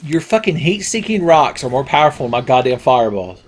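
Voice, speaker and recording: Man, game commentator, sarcastic profane banter, mid-pitched voice. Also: big pitch swings, brisk, few pauses. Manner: sarcastic, profane, rambling jokes. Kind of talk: let's play commentary.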